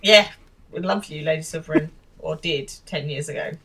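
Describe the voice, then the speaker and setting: A woman's voice: low-pitched, moderate pace, a bit bright, breathy edge, poor audio. A woman in her thirties co-hosting a podcast, casually retelling a TV episode and acting out the quoted lines. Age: 30s. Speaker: podcast co-host. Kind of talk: casual chat recapping a TV episode.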